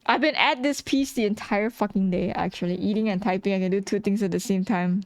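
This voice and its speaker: A woman's voice: medium pitch, fairly quick, no echo, studio quality. A tired woman streaming as she draws, chatting casually, laughing a lot, swearing and teasing herself. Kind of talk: casual chat while drawing on stream.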